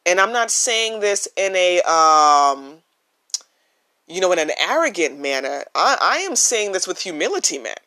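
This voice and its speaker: The voice is medium in pitch but swings widely, moves a little slowly, and has a sharp edge. It belongs to a podcast host earnestly and emphatically working through a casual solo monologue recorded on a phone without a microphone, repeating key phrases.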